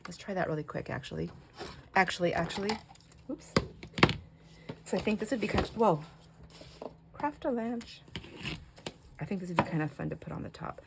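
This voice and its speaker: A woman's voice: lowish voice, expressive, moderate pace, vocal fry, pauses often, very noisy. A middle-aged woman hosting a craft video, chatting casually and telling a story as she works, laughing often and breaking off mid-sentence. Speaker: craft channel host. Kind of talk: casual chat while crafting.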